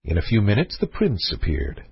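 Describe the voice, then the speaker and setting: A man reading a fairy tale aloud as narrator, with an expressive, varied delivery and a husky voice. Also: lowish voice, moderate pace, dry recording, dull audio. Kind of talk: storybook reading.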